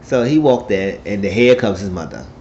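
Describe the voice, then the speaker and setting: A man's voice: on the low side, expressive, normal speed, darkish tone, dull audio, a little hiss or hum. A man casually recapping a TV episode, rambling along and acting out the characters' lines as he tells it. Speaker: show recap vlogger.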